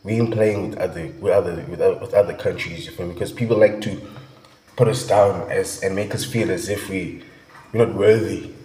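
A young South African man with a low voice talks hyped and slangy, dropping "bruh" and "you feel me" again and again. He sounds like he is in a room with heavy echo and a long ringing reverb. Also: fairly even intonation, normal speed, dark tone. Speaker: music reaction vlogger. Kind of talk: casual reaction chat.

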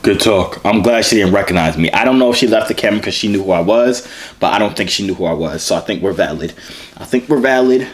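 A man's voice: on the low side, quick pace. A young man hosting a casual vlog who talks with strangers in a playful, teasing, joking way. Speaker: YouTuber and video chat app host.

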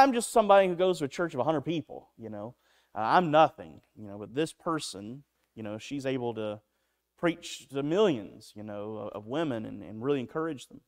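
A man preaching a sermon in a church, telling stories in an earnest way with frequent restarts. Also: medium pitch. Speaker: pastor. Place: church sanctuary.

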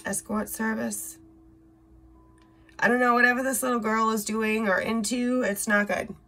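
Gravelly woman doing a tarot reading, blunt, kinda husky, swears a bit. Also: on the high side, little pitch movement, moderate pace, fairly bright tone. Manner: reads card words aloud in short bursts, blunt and swears. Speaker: tarot reader.

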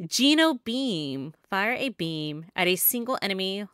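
A woman's voice: mid-range voice, wildly swooping pitch, measured pace, few pauses, a bit bright, dry recording, clean studio sound. A young woman streaming a game and chatting casually, giggling and correcting herself. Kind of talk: casual gameplay commentary.

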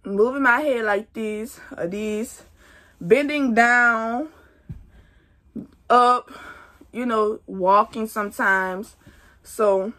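Young woman, casual vlogger, unhurried and chatty, slightly high voice, queasy. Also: pushed and bright. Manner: chatty, talks straight to viewers as y'all. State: nauseous. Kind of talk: casual pregnancy update vlog.

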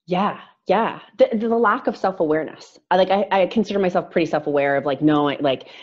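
A woman's voice: fairly low pitch, brisk, highs cut off. A woman hosting an interview, chatting casually and agreeing often with her guest. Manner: agreeable, frequent backchannels, laughs while talking. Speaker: host, interviewer.

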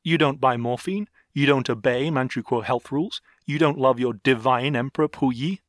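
A man's voice: medium pitch, moderate pace, dry recording, clean studio sound, close to an everyday voice. A man narrating an audiobook voices bullying male interrogators firing accusing questions.

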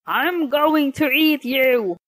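A woman's voice: medium pitch, animated, slow pace, a bit bright, dry recording. A woman voicing a huge, hungry, grumpy male genie who growls and snaps, in a storybook reading. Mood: growling. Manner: growling, snapping.

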